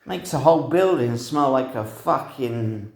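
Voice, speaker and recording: Slow, profane man in an echoey room. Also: mid-range voice, expressive, creaky. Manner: profane, meandering, laughs at himself. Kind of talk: rambling personal monologue. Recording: roomy echo.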